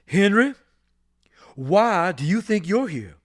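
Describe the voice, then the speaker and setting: A man voicing a stern older male military-school disciplinarian, speaking in a booming, clipped, commanding way. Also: very animated, slow pace, heavily acted.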